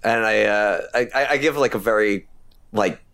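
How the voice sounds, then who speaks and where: A man's voice: fairly low pitch, normal speed, fairly bright tone. A man playing the lead hero in a remotely recorded tabletop role-play, talking in an earnest, rambling way with many false starts. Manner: earnest, rambling, repeats words when starting. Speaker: player voicing the Doctor.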